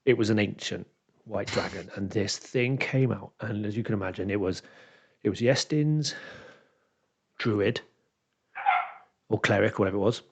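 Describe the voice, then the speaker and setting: Low gravelly man telling stories. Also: normal speed, long pauses. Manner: animated storyteller who acts out what players said. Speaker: dungeon master and podcast co-host. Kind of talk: casual chat, telling a game story. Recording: dull lo-fi recording.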